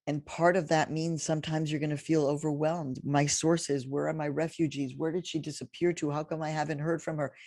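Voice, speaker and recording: A woman's voice: low-pitched, little pitch movement, fairly quick, few pauses, darkish tone, dry recording, studio quality. A middle-aged woman giving a heartfelt commencement speech to journalism graduates. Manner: heartfelt, rising to tearful near the end. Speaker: commencement speaker.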